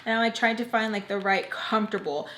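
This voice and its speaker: A woman's voice: on the high side, fast, fairly bright tone, a little hiss or hum. Chatty young woman in an echoey room. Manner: chatty, heavy use of "like", addresses "you guys"; drops in Spanish words. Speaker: storytime vlogger. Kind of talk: casual storytime vlog.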